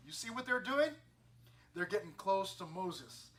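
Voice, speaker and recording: A man preaching a youth sermon on a scripture passage, animated and playful, acting out everyday scenes for teens. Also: sits high, a little slow. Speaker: youth pastor.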